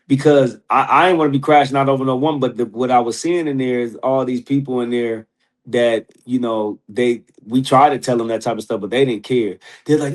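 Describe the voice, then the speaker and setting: A man as podcast guest, spinning stories in loose casual slang. His voice sits in an ordinary middle pitch. He laughs easily and jumps into the voices of the people he quotes. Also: moderate pace. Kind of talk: casual storytelling.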